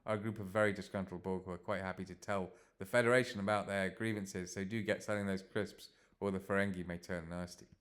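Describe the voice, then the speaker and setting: A man's voice: deep voice, steady tone, fast, few pauses, fairly bright tone. A man reading an eager female space reporter. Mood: earnest. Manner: eager, slightly nervous, chatty. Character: earnest young female starship reporter.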